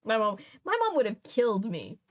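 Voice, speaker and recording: Young woman reading a book out loud, sassy commentary, laughs a lot. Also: mid-range voice, wildly swooping pitch, brisk. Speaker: channel host reading a book aloud. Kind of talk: reading aloud with casual commentary.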